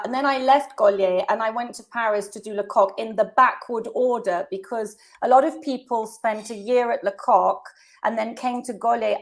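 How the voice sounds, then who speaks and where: A woman in her fifties with a fairly high voice, talking as an interview guest. She tells her stories in an animated way and laughs often. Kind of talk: casual conversation.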